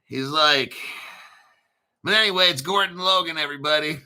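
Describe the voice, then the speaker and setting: A man's voice: on the high side, moderate pace, bright, forceful tone. A middle-aged man hosting a livestream, chatting casually and rambling with profanity and frequent laughter. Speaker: livestream host.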